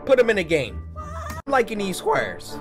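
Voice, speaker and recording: Twenties guy doing goofy gameplay commentary, voice keeps cracking, pitch all over the place, game music going loud underneath. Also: huge pitch swings, a little slow. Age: 20s. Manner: loud, joking, voice cracking into high squeaks. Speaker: gaming YouTuber. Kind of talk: let's play commentary.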